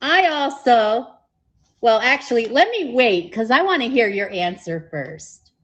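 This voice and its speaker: A woman hosting a live-streamed matchmaking show, gushing and excitable, squealing when pleased. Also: fairly high pitch, unhurried.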